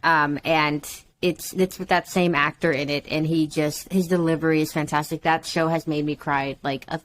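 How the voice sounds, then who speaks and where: A woman hosting a casual faith podcast interview, effusive and quick to agree and laugh. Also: sits low, steady tone, a little hiss or hum, low-quality recording. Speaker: podcast host.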